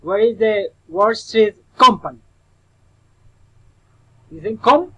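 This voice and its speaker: A man teaching a recorded English pronunciation lesson, drilling example words slowly and repeatedly and addressing the listener as his student. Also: sits high, a bit bright, husky, dull audio.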